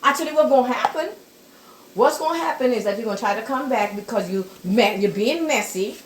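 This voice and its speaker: An older woman in her kitchen telling family stories in a casual chat, animated and acting out what people said. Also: a little high, a little fast, reverberant, slight background noise, rough recording. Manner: animated, acts out quoted dialogue in raised voice. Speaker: step-mother giving life advice. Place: home kitchen.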